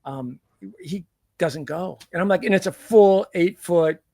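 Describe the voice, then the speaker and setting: A middle-aged man telling a surfing story in casual backyard chat, animated, laughing and swearing as he goes. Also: high voice, unhurried, creaky, dry recording, clean studio sound. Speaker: guest. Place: backyard outdoors.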